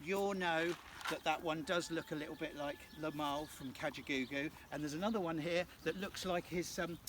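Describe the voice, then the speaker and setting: A man's voice: fairly high pitch, normal speed. A man in his thirties giving a chatty, jokey casual tour of farm fields outdoors. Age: 30s. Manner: jokey and chatty, teasing asides. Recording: distant outdoor recording with field noise.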